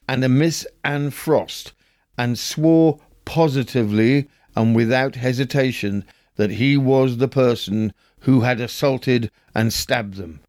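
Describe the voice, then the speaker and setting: A man reads old newspaper stories aloud as a podcast host, taking his time over every phrase. His delivery is measured and wry, in a middle pitch. The sound is dry and close, with no room around it. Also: darkish tone, no echo.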